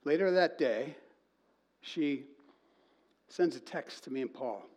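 A man preaching to a congregation, telling a story in an animated way and reading quoted lines in a slow sing-song. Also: fairly high pitch. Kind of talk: sermon.

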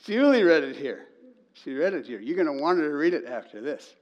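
A man preaching to a congregation, telling a story in an animated way and reading quoted lines in a slow sing-song. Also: fairly high pitch, dull audio. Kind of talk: sermon.

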